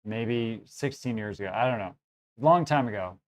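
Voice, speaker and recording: A man's voice: mid-range voice, normal speed. A man with a Chicago accent, a guest telling a rambling story in casual chat and laughing often.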